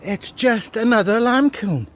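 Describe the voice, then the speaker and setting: A man hosting a vlog outdoors at old stone ruins, excitedly exclaiming and repeating himself into a handheld camera mic. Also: high-pitched, unhurried. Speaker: vlog host exploring ruins. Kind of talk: excited on-the-spot vlogging.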